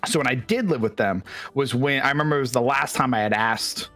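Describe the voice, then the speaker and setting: A man's voice: mid-range voice, brisk, a bit bright, soft background music. A man co-hosting a podcast, telling a personal story in casual chat, laughing often and swearing. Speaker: podcast co-host.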